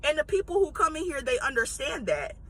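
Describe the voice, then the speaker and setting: A woman telling a story in a casual, blunt and animated way, laughing and swearing as she goes. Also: sits high, brisk, rough recording.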